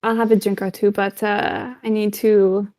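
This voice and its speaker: A woman voicing a wry male pirate captain in a tabletop game, with a gravelly voice. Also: mid-range voice, flat delivery, normal speed, a little mellow, no room sound, natural voice. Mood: casual. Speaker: game master.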